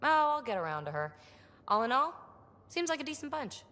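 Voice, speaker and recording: An actress playing a curious young woman scientist in a game, talking in a lively, wry, inquisitive way. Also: sits high, brisk, in a large hall, full character voice.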